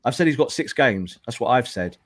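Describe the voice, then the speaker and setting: An emphatic man of medium pitch, brisk and expressive with a fairly bright tone, holds forth on a football podcast as a guest pundit. His lecturing style keeps looping back to drive points home; the audio is dry and close-miked without room echo.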